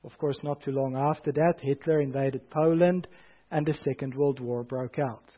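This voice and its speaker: A man's voice: mid-range voice, fairly even intonation, normal speed. A man preaching a sermon as a pastor. He speaks emphatically and asks repeated rhetorical questions. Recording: tinny phone-like sound.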